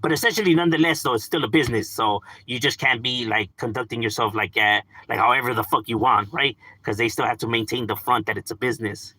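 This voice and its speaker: A man's voice: medium pitch, fast, hardly any pauses, pushed and bright, husky, no room sound, rough recording. A man streaming live, talking in a laid-back, slangy way and chatting to his viewers. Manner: laid-back slangy talk with frequent "like" and "bro". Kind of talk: casual live-stream chat.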